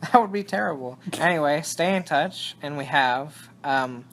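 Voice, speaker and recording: A man's voice: a little high, moderate pace, fairly bright tone, slight background noise. A young man co-hosting a casual podcast, rambling, cutting himself off mid-sentence and laughing often. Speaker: podcast co-host. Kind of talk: casual chat.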